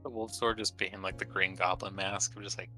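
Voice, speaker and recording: A man's voice: sits low, little pitch movement, a little fast, pushed and bright, soft background music. A man joking around with the other players in a tabletop game. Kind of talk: joking chat among players.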